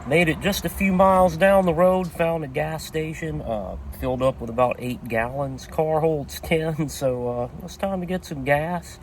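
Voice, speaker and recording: A man narrating a relaxed travel vlog outdoors, filmed on a handheld camera. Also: a little high, normal speed, hardly any pauses, slight background noise. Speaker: vlogger. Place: outdoors at a car show and on the road.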